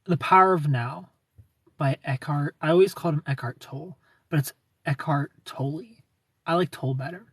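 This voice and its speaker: Brisk and a little high, with a breathy edge, this voice belongs to a thirtysomething non-US man hosting a livestream. He rambles through viewer comments casually, restarting often and laughing lightly, in a recording without echo.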